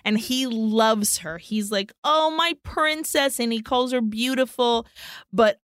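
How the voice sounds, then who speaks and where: A woman co-hosting a podcast, recapping a film in casual chat, animated, swearing freely and acting out the characters' lines. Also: a little high, a little slow, no echo, clean studio sound. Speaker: podcast co-host.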